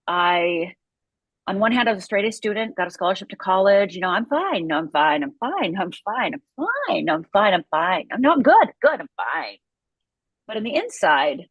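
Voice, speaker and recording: A woman's voice: fairly low pitch, husky, dry recording, rough recording. A middle-aged woman from Upper Michigan, a guest telling her life story with intense, vivid storytelling. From Upper Michigan, USA. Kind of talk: personal story in an interview.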